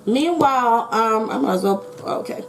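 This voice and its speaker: A woman's voice: on the high side, lively intonation, moderate pace, slight background noise, low-quality recording. Rambling woman reading tarot cards. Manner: rambling, repeats herself, self-correcting. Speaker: tarot reader.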